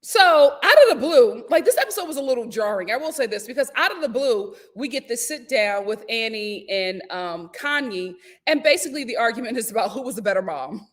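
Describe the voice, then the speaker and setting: A young woman hosting a casual reality-TV recap, animated and laughing often as she acts out what people said. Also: on the high side, brisk. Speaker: YouTube host reviewing a reality show.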